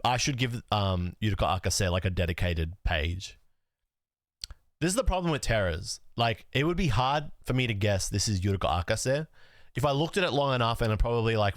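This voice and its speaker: On a laid-back live stream from his home, a young man talks while sorting his cards, rambling with heavy filler use and swearing. His voice runs on the low side, and the studio-quality audio has no room sound.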